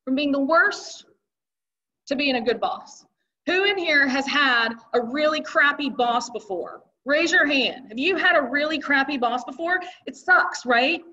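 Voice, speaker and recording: Woman keynote speaker, high pitch, conversational and emphatic, lo-fi sound. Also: unhurried, sharp tone, distant mic. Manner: conversational, rhetorical questions, emphatic. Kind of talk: live motivational talk. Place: event hall with audience. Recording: dull lo-fi recording.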